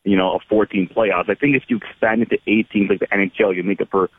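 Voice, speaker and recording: Guy calling in over a tinny phone line, lowish voice, talks fast. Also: fairly even intonation, husky, dry recording. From Canada. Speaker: caller.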